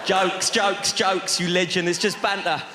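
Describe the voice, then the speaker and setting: A man's voice: high-pitched, level tone, measured pace, noisy background. A man doing stand-up, bantering brashly with the audience in a large theatre. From London. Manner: brash, mock-welcoming banter with the crowd. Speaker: stand-up comedian. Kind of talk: stand-up crowd work. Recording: big echoey hall with loud crowd. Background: audience laughter.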